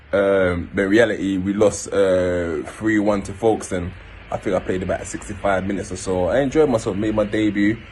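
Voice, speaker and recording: A man, telling a personal story and acting out quoted voices in a raised pitch. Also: a little hiss or hum. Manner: animated, acts out quotes in a raised voice.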